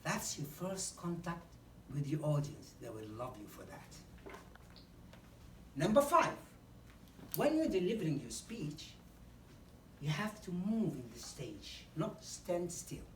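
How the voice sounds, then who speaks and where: A woman's voice: lowish voice, sing-song, slow, long pauses, a little hiss or hum. A woman giving a speech on public speaking, listing numbered tips and acting out short examples. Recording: echoey hall from far off, faint ambience.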